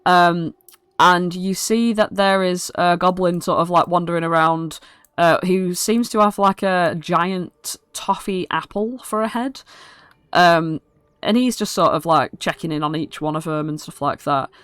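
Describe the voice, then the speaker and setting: A woman's voice: lowish voice, unhurried, a bit bright, smooth, no echo. A British woman narrating a tabletop game as dungeon master in a casual, rambling, sweary way.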